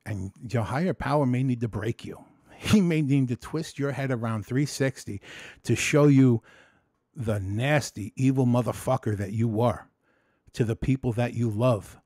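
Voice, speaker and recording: Speaking at a normal pace, a man shares his story in an unguarded vlog, full of emotion, false starts and swear words. His mood moves back and forth between lively telling and quiet, low musing. The audio is clean studio sound with no echo.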